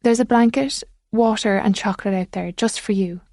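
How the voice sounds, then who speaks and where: A woman reading an audiobook, voicing a determined woman officer who coaxes a lost girl gently. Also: medium pitch, normal speed, no room sound, studio quality, lightly acted. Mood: gentle. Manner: urgent but gentle, coaxing.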